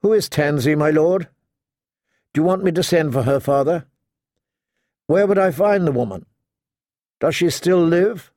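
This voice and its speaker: A man's voice: fairly high pitch, unhurried, pauses often, darkish tone, dry recording, studio quality, pitched above the performer's own voice, lightly acted. Man reading as a grieving noblewoman. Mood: urgent. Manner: urgent, questioning. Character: grown noblewoman, grieving and anxious.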